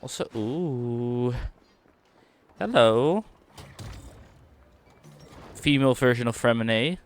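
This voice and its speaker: A man's voice: medium pitch, animated. A man streaming a game, thinking aloud and reacting casually as he explores. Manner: thinking aloud, quick reactions, reads dialogue. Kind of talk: casual gameplay commentary.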